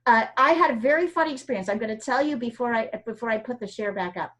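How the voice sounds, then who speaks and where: A woman's voice: fairly high pitch, animated, fast, a bit bright. A woman from the United States teaching an art class over a video call, chatty and encouraging, with frequent fillers.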